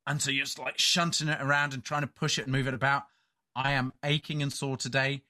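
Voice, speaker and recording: A man's voice: medium pitch, level tone, brisk, pushed and bright. A middle-aged man co-hosting a podcast, telling a rambling, self-mocking story in casual banter. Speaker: podcast co-host.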